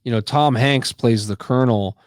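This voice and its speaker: A man's voice: medium pitch, normal speed, dry recording. A male podcast host in easy, casual conversation, talking loosely and tripping over repeated words. His voice is recorded dry and close. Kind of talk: casual chat.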